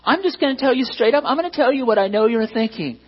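A man's voice: very high-pitched, expressive, fast, husky, lo-fi sound. A man preaching a sermon as pastor, conversational and self-deprecating, often asking the congregation questions.

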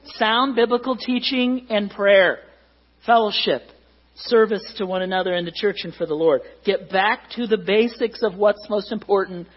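A middle-aged pastor preaching in a church hall, conversational and joking with the congregation. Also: male voice, sits high, normal speed, husky, lo-fi sound. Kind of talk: sermon.

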